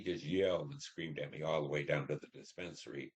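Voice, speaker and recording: A man in his seventies from Detroit, a veteran telling war memories in an oral history interview, halting and reflective with many fillers. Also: a bass voice, steady tone. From Detroit, Michigan.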